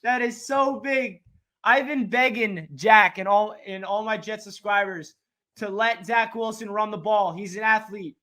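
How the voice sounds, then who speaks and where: A man hosting a casual sports chat, excitable and quick-talking. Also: sits high. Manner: excitable, talks fast. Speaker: podcast host.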